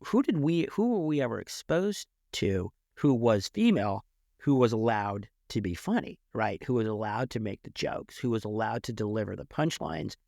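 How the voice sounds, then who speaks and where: A man's voice: mid-range voice, very animated, moderate pace, vocal fry, a little mellow, dry recording, studio quality. A middle-aged man co-hosting a podcast, reflecting aloud with rhetorical questions in casual chat. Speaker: podcast co-host.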